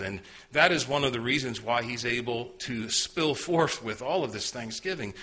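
Male preacher, earnest sermon delivery, fairly low voice with a husky edge. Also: bright, forceful tone. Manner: earnest, storytelling preacher with rhetorical questions. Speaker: pastor.

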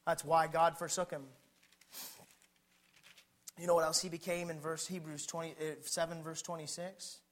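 A man preaching a sermon with fervor, putting questions to his listeners and swinging between hushed, low passages and shouted ones. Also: level tone, normal speed, pauses often.

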